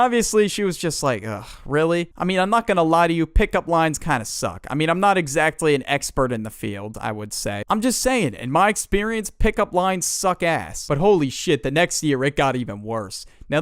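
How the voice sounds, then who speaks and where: Lively, slangy young man telling a story. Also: a little high, clean tone, no room sound, studio quality. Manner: slangy, profane, jokey retelling. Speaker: storytime YouTuber. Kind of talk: casual storytime narration.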